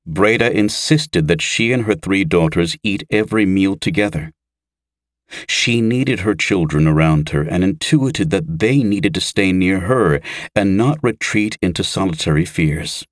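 A man narrating a fantasy audiobook in a measured, even manner. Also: low voice, no echo, clean studio sound.

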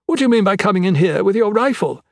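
A man doing a haughty queen who commands rather than asks, her voice pitched up and sharp with reproach. The lines are read dry and close, with no room around them, in a storybook reading. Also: moderate pace, gravelly, slightly rough, no room sound. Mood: stern. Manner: stern, haughty. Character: imperious commanding queen, woman.

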